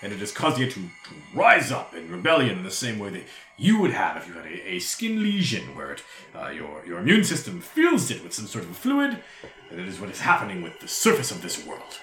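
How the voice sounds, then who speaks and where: Man doing a polite devil gentleman, slow formal speech, lively pitch, roomy echo. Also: full character voice. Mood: genteel. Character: courteous male spine devil explorer, genteel.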